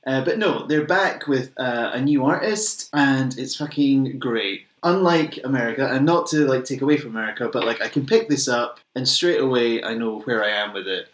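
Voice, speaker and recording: A man's voice: medium pitch, normal speed, few pauses. Guy ranting about comics, swears a lot, echoey room. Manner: swears freely, enthusiastic and opinionated. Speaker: podcast co-host. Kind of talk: casual chat reviewing comics.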